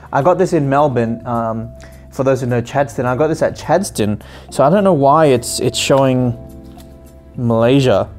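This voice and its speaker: Excited man chatting through an unboxing. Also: medium pitch. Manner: excited, chatty, often pauses with um and self-corrections. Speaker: tech video host. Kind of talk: casual unboxing narration.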